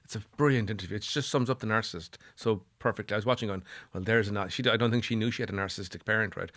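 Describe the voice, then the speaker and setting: Fast-talking Irish man, earnest therapist. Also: fairly low pitch, a bit bright, no echo, clean studio sound. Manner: earnest, repeats phrases for emphasis. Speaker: psychotherapist guest. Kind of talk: podcast interview.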